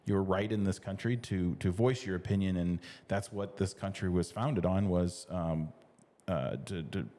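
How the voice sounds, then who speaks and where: Low-pitched and mellow, a middle-aged podcast co-host chats casually at a moderate pace in what sounds like a large hall. His talk is full of loose restarts, fillers, and easy laughter.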